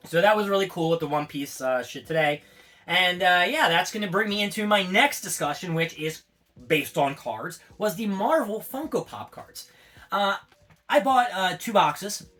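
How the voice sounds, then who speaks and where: A man ranting casually as a vlogger, excitable, swearing freely and adding little sound effects as he goes. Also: high voice, normal speed, faint music behind. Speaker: collectibles vlogger. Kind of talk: casual rambling monologue.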